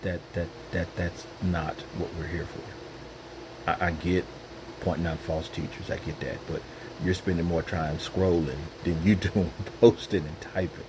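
A man voicing God as a gentle, patient fatherly presence, speaking softly and low into his own microphone. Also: little pitch movement, unhurried, noisy background. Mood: gently firm. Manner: soft, low and coaxing.

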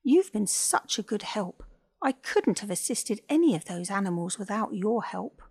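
A woman's voice: mid-range voice, sing-song, normal speed, darkish tone, slightly rough, dry recording. A woman reading as a cheerful, kind vet.

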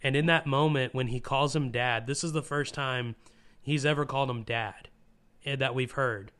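Smooth-voiced man, emotional casual chat. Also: mid-range voice, fairly even intonation, moderate pace, fairly bright tone. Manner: enthusiastic, emotional, many fillers and restarts. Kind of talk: casual film discussion.

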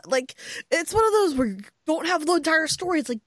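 A woman co-hosting a podcast from home, telling a story in a lively, exclaiming way and laughing often. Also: very high voice, brisk, dry recording. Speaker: podcast co-host. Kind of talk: casual chat. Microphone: headset earphones.

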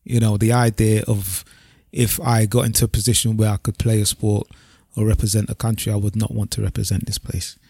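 A man, co-hosting a podcast in relaxed, reflective casual chat and dropping slang like "bruv". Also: lowish voice, brisk, gravelly, hardly any pauses, slightly rough, no room sound, studio quality. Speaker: podcast co-host.

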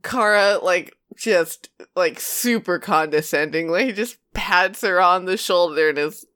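A woman's voice: fairly low pitch, unhurried, fairly bright tone, clean tone, dry recording, studio quality. A woman playing a tabletop game, chatty and giggly, full of fillers. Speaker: player. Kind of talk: casual tabletop play.

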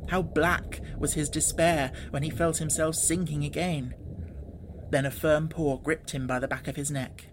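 Expressive male storybook narrator. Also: a little high, noisy background. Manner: expressive, gently animated narration. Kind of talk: storybook reading.

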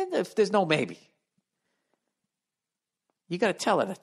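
A man in his fifties with a Boston accent hosting a solo podcast, reading listener mail aloud and riffing on it in a profane, animated rant. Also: fairly high pitch, a little slow, long pauses. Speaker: podcast host.

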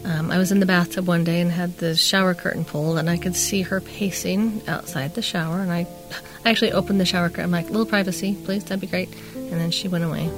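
A middle-aged woman with a lowish, gravelly voice spins a chatty, rambling story on a talk show. She slips into the voices of the people she quotes, and faint music plays behind her. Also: steady tone, quick pace. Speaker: podcast co-host telling a story. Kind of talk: casual storytelling.

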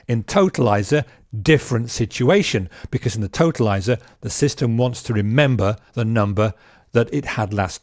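A man's voice: medium pitch, no room sound, clean studio sound. A man casually teaching a programming lesson, chatty with joking asides and frequent ums and restarts. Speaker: programming instructor.

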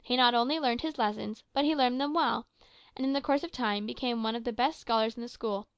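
A woman's voice: a little high, clean tone, no room sound, muffled recording. Woman reading an adventure story aloud. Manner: measured storytelling, lifts her voice for quoted lines. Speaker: audiobook reader. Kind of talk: scripted narration.

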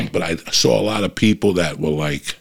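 Gravelly low-voiced comedian telling a story. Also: male voice, moderate pace, a bit bright. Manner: profane, rambling anecdote with frequent restarts. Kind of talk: casual storytelling chat.

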